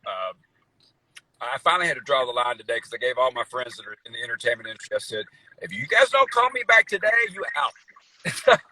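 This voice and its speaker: Folksy man, bright husky voice. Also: medium pitch, poor audio. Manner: folksy storyteller, says y'all, many fillers. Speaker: guest country singer. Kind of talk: casual interview chat. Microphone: video call.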